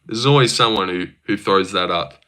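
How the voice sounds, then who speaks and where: A man's voice: low voice, normal speed, pushed and bright, clear, resonant tone. A young man livestreaming, casually reading viewer messages aloud and teasing his chat. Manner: reads viewer messages aloud and teases chatters.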